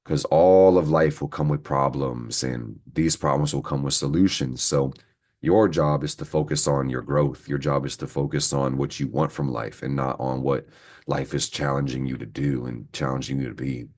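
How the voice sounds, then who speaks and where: An astrology reader with a very deep, a little mellow voice speaks at a moderate pace with fairly even intonation. Talking to viewers on camera, he gives a casual horoscope reading, rambling, swearing, and venting heatedly.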